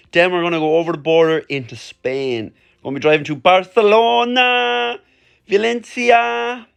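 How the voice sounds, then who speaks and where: Irish guy vlogger, young, high-pitched voice, excitable, chatty, punches his words. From Ireland. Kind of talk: casual vlog chat to camera.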